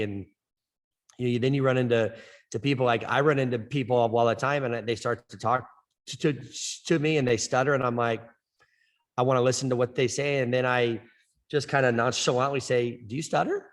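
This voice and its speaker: A man who stutters, talking in a casual interview with many repeated words and restarts. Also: on the low side. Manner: stutters, with frequent word repetitions and restarts. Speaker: softball coach.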